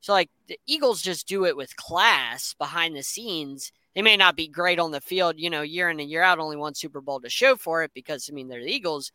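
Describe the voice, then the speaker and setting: Guy on a sports podcast, rambling hot takes, real bright voice, pitched a bit high. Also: lively intonation, brisk, hardly any pauses, smooth, no echo. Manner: enthusiastic, opinionated, rambling. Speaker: sports show co-host. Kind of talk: casual sports talk.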